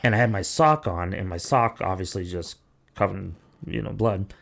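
Brief: young male podcast host, low gravelly voice, loose profane storyteller. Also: moderate pace, a bit bright. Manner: rambling, profane, acts out quoted voices. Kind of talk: casual storytelling.

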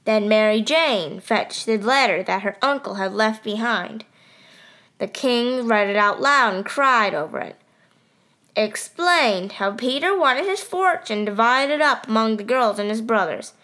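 A woman's voice: a little high, lively intonation, a little slow, bright, forceful tone. A woman narrating a story in first person, telling it plainly and steadily.

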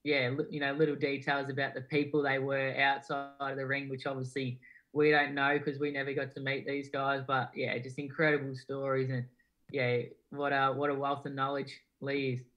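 A man's voice: mid-range voice, moderate pace, low-quality recording. A young man from Australia with an Australian accent, answering interview questions in an easygoing way, full of yeahs and ums. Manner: easygoing, many yeahs and ums, flat delivery. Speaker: guest boxer.

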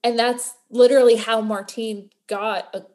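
A woman's voice: fairly high pitch, fairly even intonation, normal speed, darkish tone. Earnest motivational woman podcast co-host. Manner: earnest, motivational, building to emotion. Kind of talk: casual chat.

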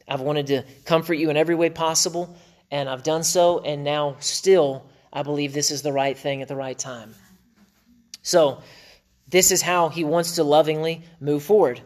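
A man's voice: a little high, fairly even intonation, moderate pace. A middle-aged man hosting a marriage podcast, teaching in an emphatic, preacher-like way and repeating phrases for stress.

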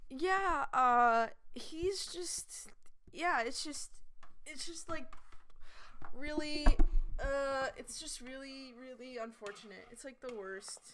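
A sleepy woman co-hosting a casual podcast, speaking slowly in a slightly high voice. She agrees often and hesitates with lots of fillers. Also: a bit bright, a little hiss or hum. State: sleepy, yawning. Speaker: podcast co-host.

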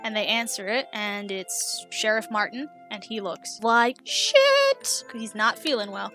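A woman's voice: on the high side, big pitch swings, unhurried, hardly any pauses, sharp tone, faint music behind. A young woman narrating as game master, casual and laughing easily.

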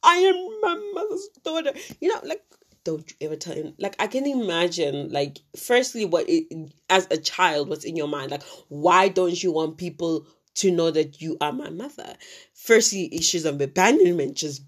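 A woman's voice: deep voice, moderate pace, husky. Chatty woman telling true crime. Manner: chatty, animated, many fillers and asides. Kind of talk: casual true crime retelling.

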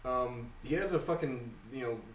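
A young man in casual podcast chat, retelling a story with heavy swearing, frequent laughter and rising excitement. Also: medium pitch, moderate pace, recorded from a distance. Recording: roomy sound from off mic.

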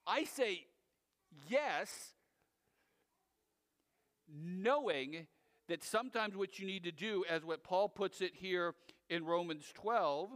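Male pastor, conversational sermon with asides, echoing hall. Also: sits high. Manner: animated, conversational preaching with asides to the audience.

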